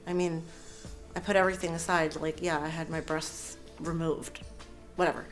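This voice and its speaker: A woman in her thirties sharing her personal story in an earnest, halting way, with fillers and soft laughs. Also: sits low, little pitch movement, soft background music. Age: 30s. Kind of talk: candid personal testimony.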